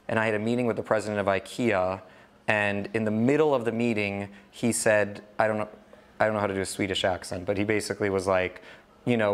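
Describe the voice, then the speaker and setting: Low-ish guy in his 30s rambling thru a startup talk, lots of restarts, pretty candid. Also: fairly even intonation, brisk. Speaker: guest speaker, entrepreneur. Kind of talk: informal talk and Q&A.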